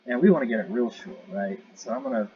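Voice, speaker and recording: Showing off a space game, a man rambles casually, joking and correcting himself along the way. He talks fast in a mellow, mid-range voice, recorded in dull lo-fi audio with clear noise.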